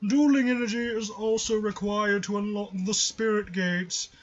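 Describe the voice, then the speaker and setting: A man's voice: sits high, steady tone, muffled recording, voice pushed up, natural voice. Man doing a pompous old villain voice. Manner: pompous, slow and grandiose. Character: pompous old male villain, scheming duel master.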